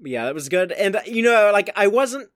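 A man's voice: high voice, big pitch swings, moderate pace, no echo, studio quality. A man hosting a podcast in casual chat, reviewing a cartoon episode and filling his talk with "like". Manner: chatty, fills speech with "like". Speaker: podcast host.

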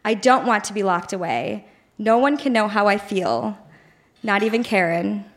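A woman's voice: mid-range voice, moderate pace. A woman in her late twenties or thirties reading her old teenage journal entries aloud on stage in a dramatic, mock-whiny voice. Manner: dramatic, mock-whiny teen voice, laughing audience. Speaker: live storyteller reading her teen diary. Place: live bar venue with audience.

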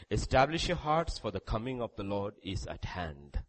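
A man preaching a sermon, reading scripture aloud, with sudden loud rises and quiet drops. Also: lowish voice, very animated, normal speed, low-quality recording. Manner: reads scripture aloud with emphasis.

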